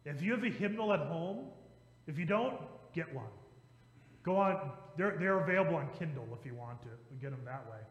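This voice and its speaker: Pastor guy preaching, fairly high voice, echoey church hall, reads hymn lines slow and punchy. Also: expressive. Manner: reads hymn verses aloud slowly and emphatically; conversational asides with restarts. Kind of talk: sermon.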